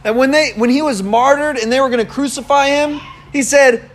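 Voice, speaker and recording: A man's voice: very high-pitched, brisk. A young man giving a casual, conversational sermon, telling stories animatedly and laughing often. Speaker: preacher.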